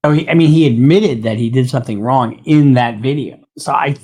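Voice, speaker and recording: A man, a lawyer guest, talking things through in a measured, mildly exasperated way. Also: medium pitch, mellow, husky. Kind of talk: casual podcast chat.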